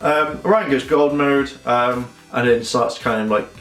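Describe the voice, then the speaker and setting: A man's voice: mid-range voice, a little slow, a bit bright. A man giving a casual, rambling episode review, correcting himself often and acting out characters' lines. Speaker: show reviewer. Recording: echoey room.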